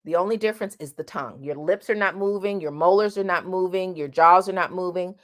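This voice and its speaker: A woman teaching a singing lesson, speaking directly and bluntly, and breaking off to sing drawn-out vowel sounds as demonstrations. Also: fairly low pitch. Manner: sings vowel demonstrations between explanations.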